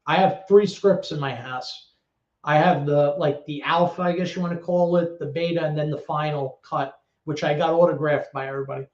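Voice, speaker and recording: A man in his thirties, a guest telling a story in a casual interview, lively, swearing, and acting out other people's voices. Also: a little high, brisk. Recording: echoey, dull lo-fi sound.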